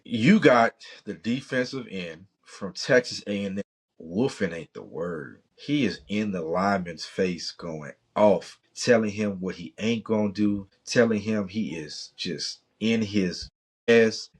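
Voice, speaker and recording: Middle-aged male podcast host from Louisiana, low husky voice, passionate rambling sports rant. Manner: passionate, rambling, Southern slang. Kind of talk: sports opinion talk.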